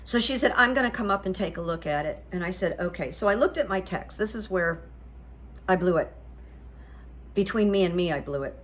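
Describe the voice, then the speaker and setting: A woman's voice: on the low side, expressive, fairly quick, a bit bright. A woman hosting her own show, telling a casual story in a chatty, self-deprecating way with lots of fillers. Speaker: host.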